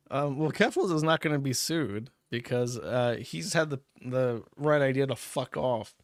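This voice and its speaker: Male livestream host, mid-pitched, rambling and profane, close dry mic. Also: animated, measured pace, no room sound. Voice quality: rambling, profane, laughs often. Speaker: livestream host reading paid chat messages. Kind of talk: casual livestream chat.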